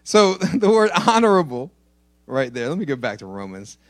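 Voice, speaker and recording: A pastor preaching a sermon in church, joking with the congregation and repeating key phrases for emphasis. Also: male voice, mid-range voice, sing-song, normal speed, no echo.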